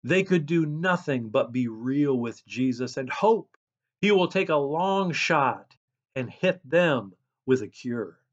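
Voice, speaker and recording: Animated, unhurried man preaching a sermon. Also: medium pitch, muffled recording. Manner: animated preaching, calls himself a loud person. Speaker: pastor.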